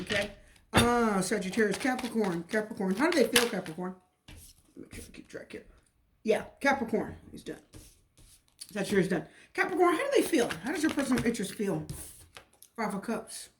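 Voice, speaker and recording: A woman's voice: medium pitch, animated, brisk, noisy background. A woman giving a casual, repetitive and emotional tarot reading. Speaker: tarot reader.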